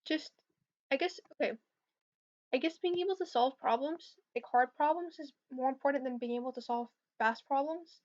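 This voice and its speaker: A woman's voice: high-pitched, moderate pace, a little mellow. Hesitant young woman streaming coding tips. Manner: hesitant, filler-heavy, answers chat questions. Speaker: competitive programming streamer. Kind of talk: casual livestream Q&A. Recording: slightly dull lo-fi stream audio.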